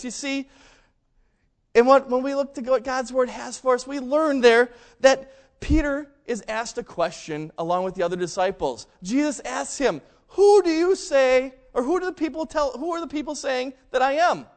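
A man preaching a sermon, telling a story and acting out the quoted lines with big swings between loud and quiet. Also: very high-pitched. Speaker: pastor.

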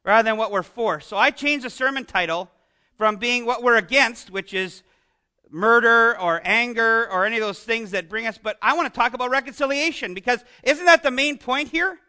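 High, bright-voiced Canadian pastor. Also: male voice. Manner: chatty, joking with the congregation, many restarts and asides. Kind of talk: conversational sermon.

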